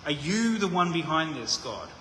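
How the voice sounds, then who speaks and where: A man's voice: fairly high pitch, big pitch swings, moderate pace, sharp tone, slight background noise. A man preaching a conversational sermon, thinking aloud with frequent restarts. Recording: echoey hall with long reverb.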